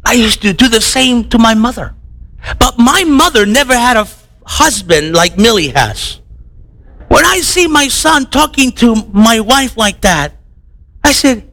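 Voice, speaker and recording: Middle-aged male pastor, high lively voice, preaching and playing out his stories. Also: unhurried. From United States. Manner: animated, acts out voices of people in his stories. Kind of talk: sermon.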